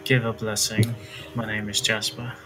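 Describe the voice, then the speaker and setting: A man's voice: on the low side, level tone, normal speed, music in the background, lightly acted, poor audio. A man voicing an earnest young cleric who stumbles over his words while addressing a king in a tabletop game. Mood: awkward. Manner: hesitant, fumbling for words.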